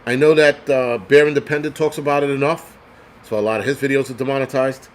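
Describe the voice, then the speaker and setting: A man's voice: medium pitch, steady tone, fast, slight background noise. A man hosting a livestream, ranting in an angry, profane, heated way and stumbling over repeated words when worked up. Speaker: host of a prepping channel. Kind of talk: livestream rant.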